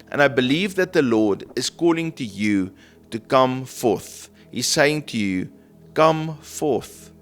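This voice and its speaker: A man preaching a prophetic sermon in a gentle, earnest manner, often checking in with "okay?" and "right?". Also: medium pitch. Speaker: prophetic minister. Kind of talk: sermon teaching.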